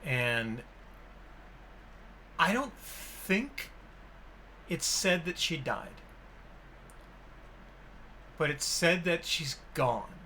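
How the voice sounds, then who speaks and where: A man's voice: fairly high pitch, very slow, pauses often, a little hiss or hum. A man hosting a podcast, enthusiastically retelling and discussing a film in casual chat. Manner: enthusiastic, animated retelling with acted-out quotes. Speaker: podcast host.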